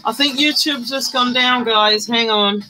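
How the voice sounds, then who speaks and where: A woman's voice: a little high, a little slow, sharp tone, rough recording. A woman chatting casually on a makeup live stream, greeting viewers by name and bursting into little sung bits. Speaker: livestreamer doing makeup.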